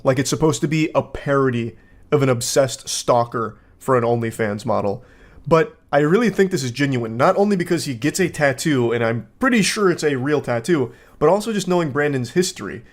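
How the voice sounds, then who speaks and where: A man giving reaction commentary with sarcastic, deadpan asides. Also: medium pitch.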